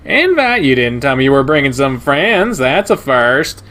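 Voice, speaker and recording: A man voicing a cheery, crude, thirty-something male German shepherd who talks loudly with a drawl. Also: medium pitch, very animated, normal speed. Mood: brash, teasing. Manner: loud, drawling, brash.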